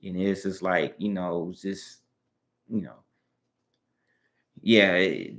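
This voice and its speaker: Southern man hosting a morning stream, slightly low voice, easygoing and rambling. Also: fairly bright tone. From Southern United States. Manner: laid-back, rambling, drawn-out thinking aloud. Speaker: livestream host. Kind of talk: casual live-stream chat.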